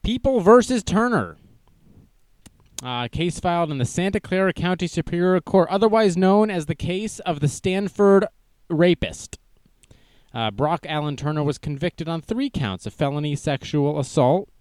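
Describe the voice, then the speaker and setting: A man's voice: on the high side, animated, normal speed, darkish tone, clear, resonant tone, no echo. A young man hosting a casual livestream news show, joking and self-deprecating as he goes. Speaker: news stream host.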